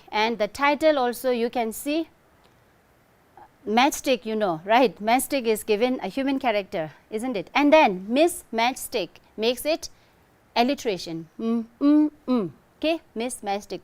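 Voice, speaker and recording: A woman's voice: a little high, lively intonation, unhurried. A middle-aged woman teaching an English lesson, explaining step by step and checking in often with "okay?" and "right?". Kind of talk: recorded online lesson.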